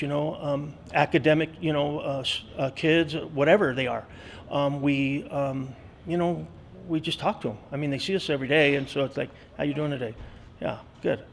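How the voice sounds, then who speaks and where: A school custodian in his sixties, talking earnestly in an interview with many pauses and fillers. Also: a little high, creaky, slight background noise. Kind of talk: interview storytelling.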